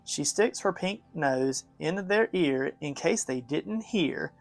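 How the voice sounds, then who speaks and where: Slow, gravelly man reading aloud. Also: a little high, animated, no room sound, soft background music. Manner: gentle, measured storytelling, chatty asides to viewers. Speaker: art studio host and father. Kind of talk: reading a picture book aloud, then talking while painting.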